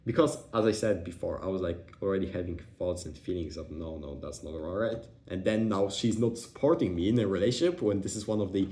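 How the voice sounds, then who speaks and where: A young vlogger with a low-pitched, dark voice tells a personal story a little fast, with few pauses. He rambles casually, swears often, and keeps restarting sentences amid many fillers. The recording has a roomy echo.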